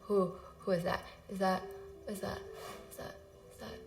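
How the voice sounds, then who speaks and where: Here a woman speaks at medium pitch with vocal fry, little pitch movement and normal speed, over heavy background noise. Sick and short of breath, she rambles through casual stream chat, apologizing and wandering off track; the room echoes and faint music plays.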